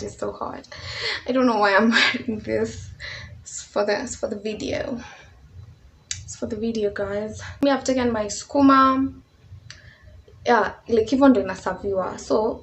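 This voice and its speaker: A woman's voice: on the high side, slight background noise, poor audio. A young woman with a Kenyan accent telling a casual storytime, chatty and mixing in Swahili slang. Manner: chatty, mixes English with Swahili slang, laughs often. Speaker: vlogger.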